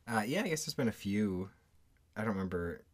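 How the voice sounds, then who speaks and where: A man's voice: fairly low pitch, animated, a little fast. A man in his thirties co-hosting a podcast, talking dryly with hesitant hedges. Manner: dry, hesitant, hedging with fillers. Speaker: podcast co-host. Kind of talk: casual chat.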